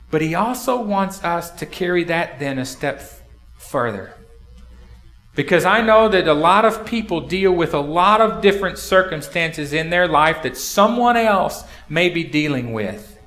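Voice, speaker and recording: A man's voice: on the high side, lively intonation, a little slow, a bit bright. A male pastor preaching a sermon in a church, talking conversationally and asking the congregation rhetorical questions. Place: church sanctuary. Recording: echoey hall.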